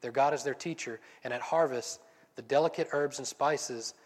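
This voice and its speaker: A man's voice: mid-range voice, normal speed. Guy preaching a sermon, reads the bible bits then just talks them through, big echoey church hall. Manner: reads scripture aloud, then explains it conversationally. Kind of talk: sermon with scripture reading. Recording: long reverb.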